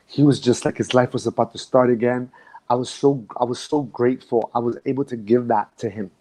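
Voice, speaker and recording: A man's voice: medium pitch, steady tone, fairly quick, darkish tone. A man, a dance instructor, recalling his past in a reflective, emotional way and often restarting his sentences. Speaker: guest. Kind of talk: casual conversation.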